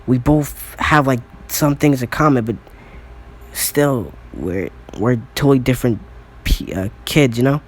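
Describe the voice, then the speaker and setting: A man voicing a brash, hot-headed teenage boy hero who shouts and taunts cockily. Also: mid-range voice, a little slow, close to an everyday voice. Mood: regretful. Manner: shouting, cocky.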